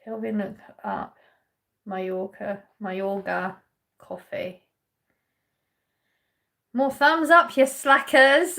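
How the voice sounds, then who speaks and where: An English woman hosts a casual live stream, chatting and laughing as she reads viewer comments aloud. Her mid-range voice is gravelly, pushed and bright, with drawn-out words and long pauses.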